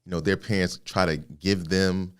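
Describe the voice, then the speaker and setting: A man's voice: low-pitched, steady tone, normal speed, clean tone. A man hosting a podcast, asking questions in an easygoing, conversational way. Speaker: podcast host. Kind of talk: casual interview chat.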